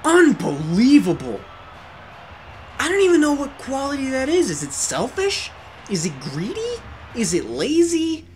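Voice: sits high, wildly swooping pitch, unhurried, a little hiss or hum. Angry, profane let's-play ranter with a swooping voice. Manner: angry, profane, exasperated ranting; rhetorical questions at the game makers. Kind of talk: gameplay commentary rant.

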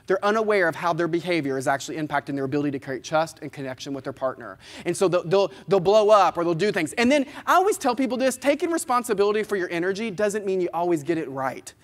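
Man in his 30s, high voice, animated keynote speaker, long hall reverb. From Kentucky, US. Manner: animated, playful, talks straight to the audience. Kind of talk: motivational keynote with storytelling. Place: large conference hall.

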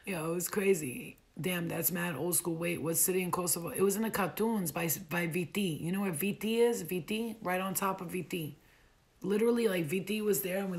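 Gravelly-voiced woman swearing through a story. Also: lowish voice. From United States. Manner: profane, animated, laughs often, heavy slang. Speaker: vlogger telling a personal story. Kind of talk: casual storytelling.

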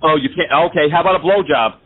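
Over a tinny phone line, a man with a fairly high, breathy-edged voice talks fast. He's a scambaiter making an absurd prank call, rambling through exaggerated complaints.

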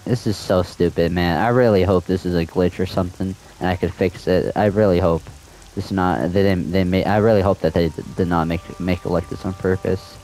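A man's voice: deep voice, steady tone, brisk, darkish tone, faint music behind, poor audio. A young man in a casual gaming vlog, ranting with frustration and repeating himself. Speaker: gaming video creator.

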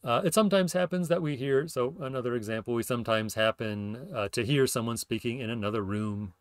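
A man's voice: medium pitch, fairly quick, smooth, dry recording, studio quality. A man hosting his own podcast, explaining ideas in a casual lecture, thinking aloud with fillers and self-corrections. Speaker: podcast host explaining linguistics.

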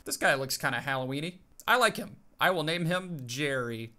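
A young man giving jokey, excited commentary as he plays a game, chatting to his companion and yelping at scares. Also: fairly high pitch, normal speed, music in the background. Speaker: gaming YouTuber. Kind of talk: excited let's-play commentary.

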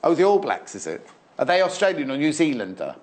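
With big swings in pitch, a fairly high voice, and a fast pace, a middle-aged English presenter banters playfully on a live shopping channel. He stumbles and restarts often during the sales chat.

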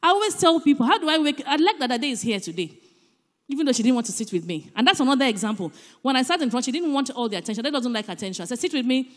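Nigerian woman speaking at church, high voice, animated and emphatic, long hall echo. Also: rapid-fire. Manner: animated, emphatic, shifts between loud and soft. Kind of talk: church talk on parenting.

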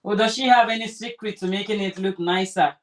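A woman's voice: mid-range voice, steady tone, brisk. A woman vlogger chatting casually while sewing, rambling and restarting her sentences. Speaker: crafter vlogger.

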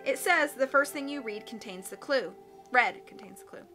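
Bookish boy, calm explainer, read by a woman, bright and a bit high. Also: a little fast, soft background music. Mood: explaining. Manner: patient, explanatory reading.

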